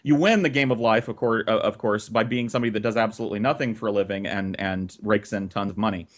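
A man's voice: fairly low pitch, quick pace. A man telling a childhood story on a podcast in casual, profanity-laced chat.

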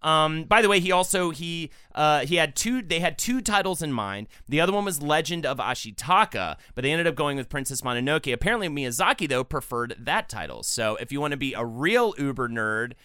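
A man's voice: fairly high pitch, animated, brisk, few pauses, bright, forceful tone, clear, resonant tone, no room sound, studio quality. A man co-hosting a podcast, chatting casually and enthusiastically about a film. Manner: enthusiastic, jokey, reads out quotes. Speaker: podcast co-host.

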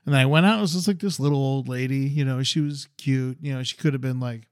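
Animated, rambling man telling a story. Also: mid-range voice, quick pace, no echo, studio quality. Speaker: podcast co-host. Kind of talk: casual storytelling chat.

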